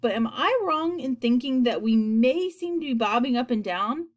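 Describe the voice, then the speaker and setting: A woman's voice: on the high side, expressive, normal speed, voice pushed up. A woman reading aloud and voicing a polite, nervous female ladybug. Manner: polite and timid, rising to alarm.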